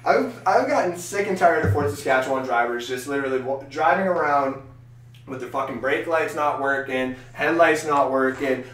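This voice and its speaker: Podcast co-host, male, high and animated, profane ranter, recorded off-mic in a roomy space. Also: far from the mic. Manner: loud, swearing, excitable rants. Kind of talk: casual profane ranting chat. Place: small echoey room. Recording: echoey room, off-mic, faint noise.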